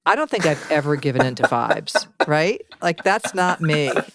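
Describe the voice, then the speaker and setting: A woman's voice: low-pitched, lively intonation, moderate pace, a bit bright, a little hiss or hum. A middle-aged woman co-hosting a podcast, chatting in a wry, self-deprecating way with laughs. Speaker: podcast co-host. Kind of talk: conversational legal podcast discussion.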